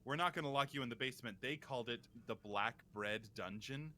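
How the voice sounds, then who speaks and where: Bright-voiced man telling stories casually. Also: mid-range voice, fairly quick, a little hiss or hum. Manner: easygoing storytelling, laughs at own stories. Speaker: livestream guest. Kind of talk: casual chat during a card game livestream.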